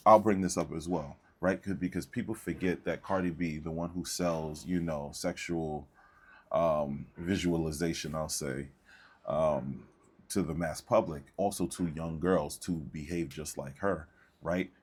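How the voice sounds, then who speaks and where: A man with a very low, husky voice holds forth in a lecturing tone. He comments casually on a debate and keeps checking in with the listener between points. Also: a little mellow. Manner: lecturing, preachy, repeats "right?". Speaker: commentator reacting to a debate clip.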